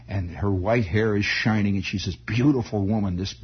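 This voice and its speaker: A man telling a personal story in a halting, rambling way, full of restarts and asides. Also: lowish voice, fairly even intonation, husky. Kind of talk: spoken storytelling monologue. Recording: dull lo-fi old recording.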